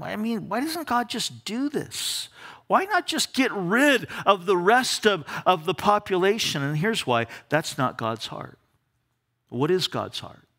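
Guy pastor preaching a bible study, kinda high voice, bounces up and down a lot, stumbles on repeated words. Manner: animated, repeats words when starting sentences. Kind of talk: verse-by-verse Bible study sermon. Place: church during a live service.

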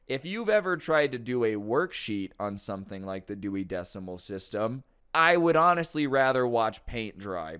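A man's voice: medium pitch, a bit bright, clear, resonant tone. A man casually telling a school story to his channel, chatty and exasperated, with slangy asides. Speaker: storytime YouTuber.

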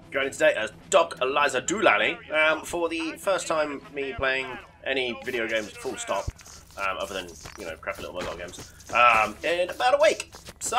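A man's voice: mid-range voice, background noise. A man giving casual, sweary, rambling commentary while playing a video game, often mocking himself. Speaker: gaming YouTuber.

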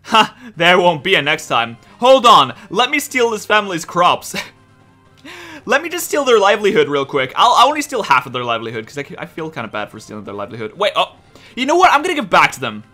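A man hosting a gameplay commentary, excitable and exasperated, swearing often and pleading with the game. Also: high voice, fairly quick, faint music behind. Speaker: let's play host.

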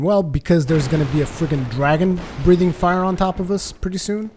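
A man doing joking, sarcastic gameplay commentary, getting excited during fights. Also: on the high side, fast, few pauses, noisy background. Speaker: let's play commentator.

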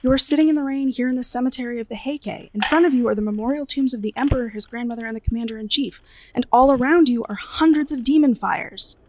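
A big, dogged temple servant from a storybook ghost tale, grumbling and pressing, as a woman reader puts him on. The voice keeps a gravelly rasp. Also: on the high side, fast, a little mellow, a little hiss or hum, natural voice, rough recording. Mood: urgent. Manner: grumbling, then urgent.

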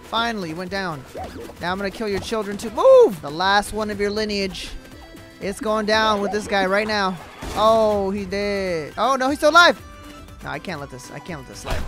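A man's voice: sits high, normal speed. Slangy young man commentating over game music. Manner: slangy, trash-talking, excitable. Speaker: gaming YouTuber. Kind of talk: gameplay commentary.

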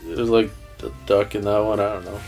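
A man's voice: lowish voice, steady tone, brisk, gravelly, darkish tone. A young man chatting casually while playing a video game with a friend, teasing him, asking questions and giggling. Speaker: let's play co-host. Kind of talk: casual gameplay chat. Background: faint game music.

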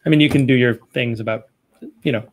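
A man's voice: mid-range voice, fast talker. A man speaking at a committee meeting over a video call, loose and rambling in a conversational way. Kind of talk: casual meeting remarks.

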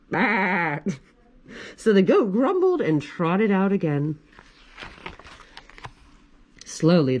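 Children's librarian, woman, forties: storytime reader, animated, chatty with kids. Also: medium pitch. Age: 40s. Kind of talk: reading a picture book aloud to children.

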